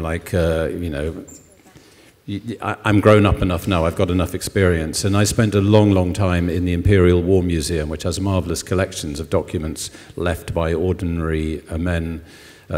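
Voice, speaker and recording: Deep-voiced novelist in a hall. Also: male voice, a little mellow. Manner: thoughtful, hesitant with many ums. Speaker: novelist guest. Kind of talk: literary festival conversation. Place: concert hall on stage. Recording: long hall reverb.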